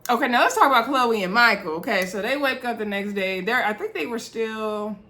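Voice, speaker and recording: A woman's voice: on the high side, fairly quick, bright, forceful tone. Chatty woman recapping reality TV. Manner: chatty, laughs often, talks to viewers as y'all. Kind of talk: casual chat to viewers.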